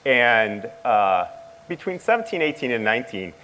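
A middle-aged man tells a church gathering about his bond with his grown child. He speaks in a halting, heartfelt way, often stopping and starting his sentences again. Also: mid-range voice, sing-song, bright, forceful tone, a little hiss or hum, poor audio. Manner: halting, emotional storytelling with many restarts. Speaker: father sharing a testimony. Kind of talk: personal testimony to a church audience.

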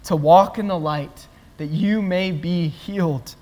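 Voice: mid-range voice, slow, darkish tone. A pastor preaching a sermon to the congregation, earnest, building points through repeated phrases. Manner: earnest, repetitive emphatic phrasing. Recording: long reverb of a large hall.

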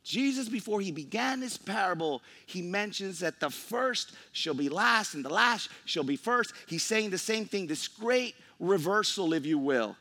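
Animated man preaching with lively pitch. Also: a little slow, few pauses. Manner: animated preaching, acts out grumbling workers. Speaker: pastor. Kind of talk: sermon.

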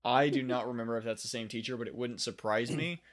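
A man's voice: mid-range voice, fairly even intonation, fast. A man co-hosting a podcast, talking casually and hesitantly about a TV episode, with many fillers. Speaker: podcast co-host. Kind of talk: casual chat recapping a TV show.

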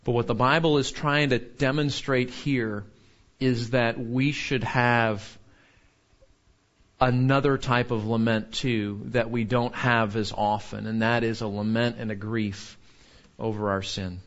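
A man preaching a sermon in an earnest way, rising high when he quotes and dropping low when he turns somber. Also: little pitch movement, measured pace, fairly bright tone, muffled recording. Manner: earnest, rises sharply when quoting and falls low when somber. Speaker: pastor.

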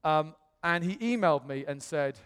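A man preaching, telling a personal story with animated delivery and self-mocking humor, acting out what others said. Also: on the high side, moderate pace, clear, resonant tone. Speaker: pastor. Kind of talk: personal testimony sermon. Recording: long reverb in a hall.

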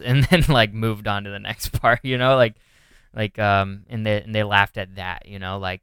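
A young man from Northern California, a comedian co-hosting a podcast, chatting in a loose, rambling way. He keeps restarting and acting out what people said. His voice is very smooth and resonant, and it sounds dry and close. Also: medium pitch, steady tone, fairly quick, fairly bright tone, dry recording. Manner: rambling, lots of "like" and restarts, acts out quotes. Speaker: podcast co-host; stand-up comedian. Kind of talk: casual chat.

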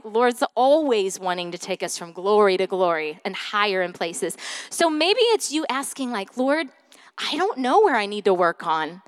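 A woman's voice: medium pitch, long reverb tail. A woman pastor preaching a sermon in a chatty storytelling way, full of fillers, dropping to whispered asides now and then. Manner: conversational storytelling with many fillers; swings from loud to soft whispered asides.

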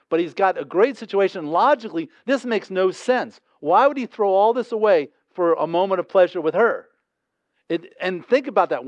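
A man's voice: high-pitched, no room sound, dull audio. A man preaching a sermon in a conversational, emphatic way, acting out quotes as he goes. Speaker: pastor.

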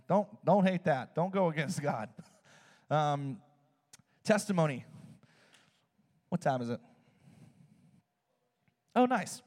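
A man preaching in a casual, animated storytelling way. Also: on the high side. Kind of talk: sermon storytelling. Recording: long hall reverb.

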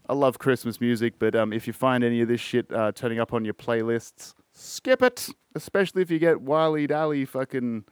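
A man's voice: medium pitch, smooth, no echo, studio quality. A man hosting a casual music podcast, rambling and swearing often, full of fillers and restarts. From Australia. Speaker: podcast host.

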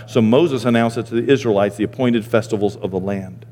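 A man in his sixties, a pastor, preaching a sermon and telling stories, now and then jumping into high squeaky voices for the people he quotes. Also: fairly quick, hardly any pauses, darkish tone, in a large hall. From Maine. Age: 60s. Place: church sanctuary.

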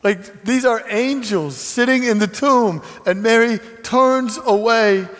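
A man preaching a sermon earnestly, dropping to hushed tones and rising to emphatic passages. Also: very high voice, slow pace. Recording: long hall reverb.

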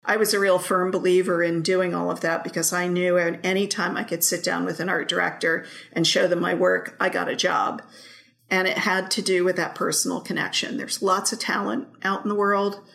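A woman's voice: lowish voice, flat delivery, a little fast, vocal fry, fairly bright tone. A woman illustrator being interviewed, speaking earnestly and firmly.

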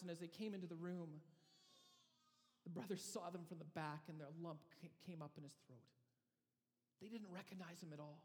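High-voiced pastor telling a story. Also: male voice, long reverb tail. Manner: storytelling with dramatic pauses and frequent restarts. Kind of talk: sermon.

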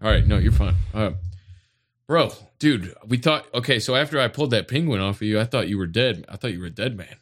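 A man co-hosting a podcast, rambling through a deadpan mock eulogy and swearing casually. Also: on the low side, fairly quick. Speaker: podcast co-host. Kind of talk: improvised comedic bit.

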